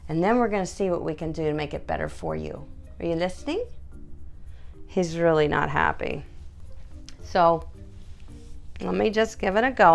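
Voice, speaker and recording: A middle-aged woman with a low, gravelly voice talks her way through a dog grooming demonstration. She keeps up a calm, coaxing patter, murmuring reassurance to a scared dog between her explanations. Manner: soothing, coaxing, talks to the dog in a high sing-song. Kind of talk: casual how-to video.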